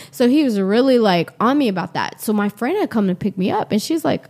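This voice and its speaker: A woman in her forties tells her own story as an interview guest, her fairly high voice leaping up and down in pitch. She talks in an animated, lively way and slips into acting out the lines people said to her. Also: a little fast, hardly any pauses. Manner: animated, acts out quoted dialogue.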